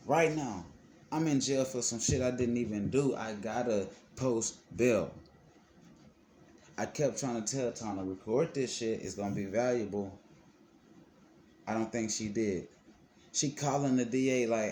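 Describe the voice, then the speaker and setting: A man's voice: a little slow, warm tone. Heated, profane man telling his story. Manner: heated, profane and emphatic, with wide pitch swings. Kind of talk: casual storytelling to camera. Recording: clear background noise.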